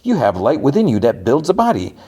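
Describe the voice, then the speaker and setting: A man's voice: mid-range voice, huge pitch swings, fairly quick, warm tone, husky, voice pushed up. A man voicing a grandiose male villain, a creature of light who wants a body, speaking in a gushing, theatrical way.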